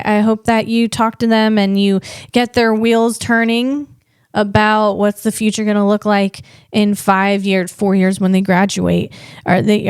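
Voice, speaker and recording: A woman's voice: medium pitch, a little mellow, clear, resonant tone, no room sound, studio quality. A woman hosting a solo podcast in a casual, rambling way, often correcting herself and laughing at herself. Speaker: podcast host.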